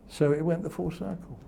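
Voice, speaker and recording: An older man, a veteran broadcaster, recalls old stories in an interview, chuckling and mimicking the people he quotes. His voice is strongly gravelly and dark-toned, with faint noise behind him. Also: fairly high pitch. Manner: chuckling storyteller who acts out quoted voices. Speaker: television presenter. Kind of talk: reminiscing interview anecdotes.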